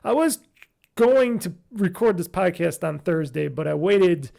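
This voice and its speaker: A man's voice: sits high, expressive, unhurried, darkish tone. A man hosting a casual solo gaming podcast, talking in a rambling way full of fillers and restarts, with a nasal, stuffy, tired voice. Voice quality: nasal, gravelly. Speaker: podcast host.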